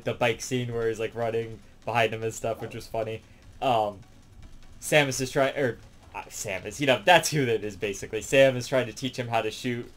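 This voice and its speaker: A man with a mid-range voice recaps a film in a loose, wandering way, leaning on "um" and "like" as he goes. He talks as a reviewer in a relaxed, unscripted chat, and faint music plays behind him. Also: medium pitch. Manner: rambling, heavy on fillers like "um" and "like". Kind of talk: casual spoken movie recap.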